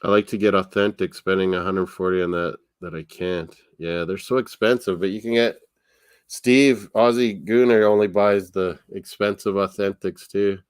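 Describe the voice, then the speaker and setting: A man's voice: low-pitched, steady tone, normal speed, smooth, dry recording. A man hosting a live sports watchalong, chatting in a rambling, casual way and laughing often. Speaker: watchalong host. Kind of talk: casual live-stream chat.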